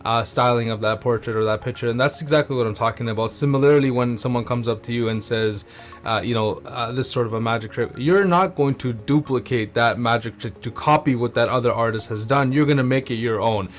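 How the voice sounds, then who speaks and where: A man who is a wedding photographer, talking as an interview guest in an agreeable, relaxed way with fillers. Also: medium pitch, fairly quick, soft background music. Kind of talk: casual interview chat.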